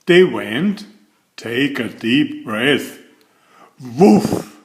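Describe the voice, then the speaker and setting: A man reading a children's picture book aloud, addressing the young listener playfully and drawing out his words. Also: medium pitch. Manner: animated, drawn-out, playful to children. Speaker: storybook reader.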